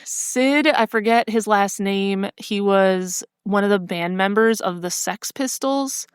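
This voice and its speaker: A woman co-hosting a casual podcast chat, chatty and laughing often, with a slight rasp from stress. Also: mid-range voice, takes it slowly, no room sound, clean studio sound. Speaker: podcast co-host.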